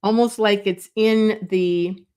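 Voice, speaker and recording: A woman walks viewers through a drawing lesson at an unhurried pace. She thinks aloud as she works, with plenty of pauses and fillers. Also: mid-range voice, steady tone, mellow, clean tone. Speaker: art teacher. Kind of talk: drawing tutorial.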